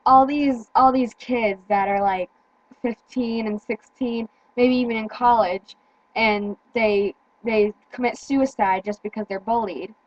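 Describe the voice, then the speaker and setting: A teenage girl in casual chat, speaking earnestly with halting restarts and repeated words. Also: fairly high pitch, fairly even intonation, no echo, muffled recording. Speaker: teen vlogger.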